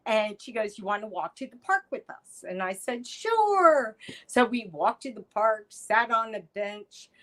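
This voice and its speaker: A middle-aged woman, a podcast guest, telling a personal story in an animated way and acting out the voices of the people in it. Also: medium pitch, moderate pace, few pauses, rough recording. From United States. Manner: animated storyteller, acts out quoted lines. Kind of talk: storytelling interview chat.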